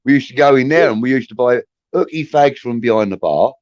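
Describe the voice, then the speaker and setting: A man's voice: mid-range voice, expressive, fairly quick, a little mellow, dry recording. Man, 50s, from southeast England, chatty storyteller, dry lo-fi sound. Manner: rambling anecdotal storytelling. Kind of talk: casual chat. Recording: dry muffled lo-fi audio.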